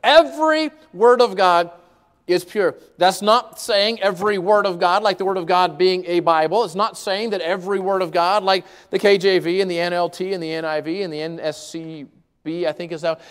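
A man preaching a sermon, emphatic, repeating key words and swinging between fast and slow delivery. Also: sits high.

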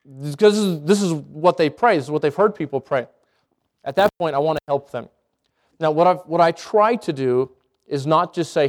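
A man's voice: fairly high pitch, expressive, brisk, a little mellow. A man preaching and teaching how to share faith, earnest and conversational, acting out example prayers. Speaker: pastor teaching evangelism. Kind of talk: sermon teaching.

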